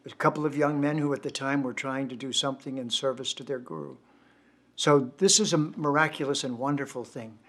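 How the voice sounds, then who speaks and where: Older guy poet, thoughtful devotional talk, closing a poetry night, middle pitch. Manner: reflective, devotional, storytelling.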